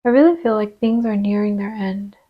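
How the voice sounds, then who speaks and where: A woman giving a channeled card reading, gentle and reassuring, sometimes dropping to a soft whisper as she places cards. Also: mid-range voice, a little fast, dull audio. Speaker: tarot reader.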